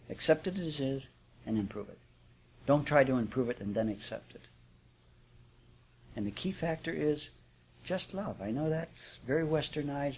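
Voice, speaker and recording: A husky, medium-pitched male spiritual teacher talks conversationally to a live class audience, punctuating his talk with chuckles and rhetorical check-ins.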